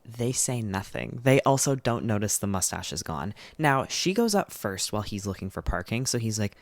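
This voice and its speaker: In a dry, echo-free recording, a man with a lowish, sing-song voice talks at a moderate pace. He's a book reviewer giving a casual, candid summary of a book, chatty and packed with fillers, leaning on "like" constantly and dropping the occasional swear word.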